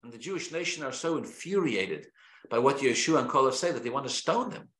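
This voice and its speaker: A man, a rabbi teaching a Torah class, speaking in an animated, emphatic way with rhetorical questions and frequent restarts. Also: mid-range voice, brisk. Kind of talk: lecture-style Torah class. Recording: roomy echo.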